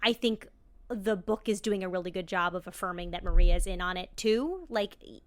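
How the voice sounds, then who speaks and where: A woman's voice: on the low side, moderate pace, a bit bright. A woman guesting on a casual podcast chat, talking reflectively with frequent filler words. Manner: reflective, heavy use of "like" fillers.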